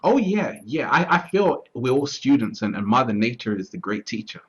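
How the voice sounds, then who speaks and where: A man talking through his thoughts in a relaxed, reflective conversation, often restarting and asking whether he is understood. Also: mid-range voice, normal speed, slightly rough. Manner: repeats words, restarts often, asks "you see what I'm trying to say". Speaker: interview guest. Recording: dull lo-fi audio.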